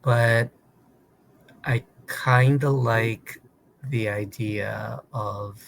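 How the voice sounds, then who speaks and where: A man in casual chat, thinking aloud about story ideas in a thoughtful, pausing way. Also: medium pitch, steady tone, gravelly, a little hiss or hum.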